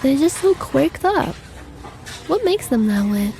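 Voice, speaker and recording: A young woman streamer giving casual reaction commentary, excitable and exclamatory, playful and a bit crude. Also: high voice, a little slow, vocal fry.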